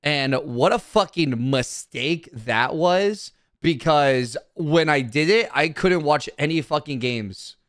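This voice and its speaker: Fired-up high-pitched man ranting. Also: lively intonation, takes it slowly, few pauses, no echo, studio quality. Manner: profane, heated, repetitive ranting. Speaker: streamer. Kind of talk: casual live-stream rant.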